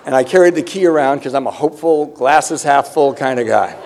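A man's voice: medium pitch, brisk, darkish tone, a little hiss or hum. Candid middle-aged man, self-mocking story. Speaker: speaker sharing his recovery story. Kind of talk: personal testimony with humor.

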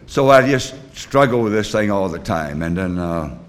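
An older man with a fairly low voice, sharing his recovery story with a group. He talks bluntly and plainly and rambles, with lots of "uh" and "you know" and sentences he restarts. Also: expressive, moderate pace. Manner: plain, blunt working-class talk. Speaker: recovery meeting speaker.

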